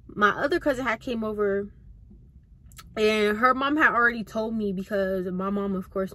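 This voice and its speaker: A woman's voice: medium pitch, a bit bright. A young woman casually telling a storytime to her viewers, chatty and full of slang. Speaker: vlogger.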